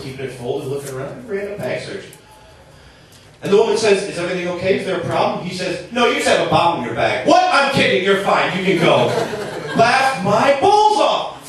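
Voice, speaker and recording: A young stand-up from southern Minnesota chats his way through a bar-stage set, full of "likes" and "rights." His voice is fairly high and a bit bright. The sound comes from a distance in an echoey bar.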